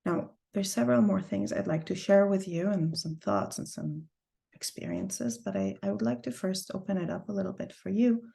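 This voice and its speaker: A woman teaching an online class over a video call, telling a personal story earnestly and with deep feeling. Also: very animated, normal speed, gravelly, dark tone. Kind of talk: heartfelt personal talk to a class.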